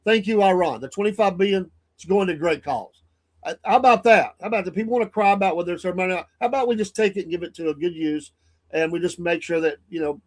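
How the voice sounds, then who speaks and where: Blunt, rambling morning-show host, a man. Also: high-pitched. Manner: blunt, rambling, heated, with many restarts. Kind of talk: opinionated solo commentary. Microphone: studio mic.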